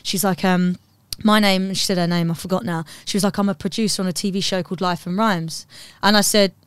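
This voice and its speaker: A woman's voice: mid-range voice, steady tone, fast talker, hardly any pauses, clean tone, no room sound. A woman telling a story on a podcast, blunt and swearing freely, acting out both sides of a conversation. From Uxbridge, England. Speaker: comedian and poet guest.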